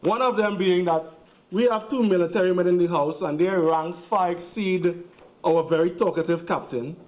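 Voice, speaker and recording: A man's voice: high voice, moderate pace, a little mellow. A man with a Trinidadian accent giving a sarcastic, emphatic speech in a parliamentary debate, hammering points through repetition. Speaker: member of parliament. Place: parliament chamber.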